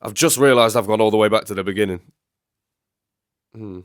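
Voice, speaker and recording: A man's voice: on the low side, a little fast, clear, resonant tone, dry recording, studio quality. A man with a blocked nose, getting over the flu, giving rambling casual commentary while reacting to a music video. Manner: chatty, rambling, self-correcting.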